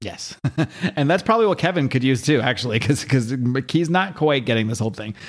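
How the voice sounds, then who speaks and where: A man's voice: mid-range voice, expressive, a little fast. Man, podcast co-host, casual recap of a comic, light character reads. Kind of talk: casual chat, reading a comic aloud.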